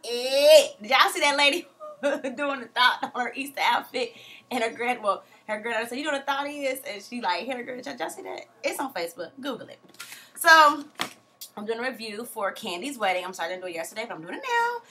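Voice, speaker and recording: A woman's voice: a little high, very animated, fairly quick, pushed and bright, slight background noise. A woman recapping a reality show from home in a casual, chatty way, full of slang and acted-out quotes. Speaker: TV recap vlogger.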